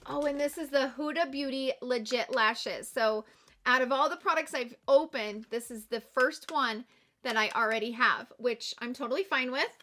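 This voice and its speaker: A woman's voice: sits high, moderate pace, bright, forceful tone. A young adult woman, a beauty vlogger, chatting through a makeup unboxing and gushing with gasps and exclamations. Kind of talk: excited unboxing chat.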